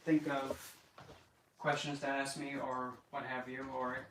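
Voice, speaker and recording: Man, casual livestream chat, rambling asides, mid-pitched voice. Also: level tone, slow, a bit bright, a little hiss or hum. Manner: rambling, with frequent restarts and asides. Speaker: livestream host.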